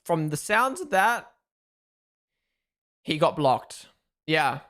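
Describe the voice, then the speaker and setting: Speaking slowly in a fairly high voice, this man runs a live race watchalong. He's excitable and chatty, responding to what happens on track, reading his viewers' chat aloud, and thanking those who follow.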